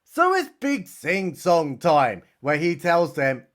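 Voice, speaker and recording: A man's voice: on the high side, wildly swooping pitch, takes it slowly, a bit bright. A man with a British accent giving a mocking, exasperated comedic recap of a film, swearing casually as he goes. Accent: British English.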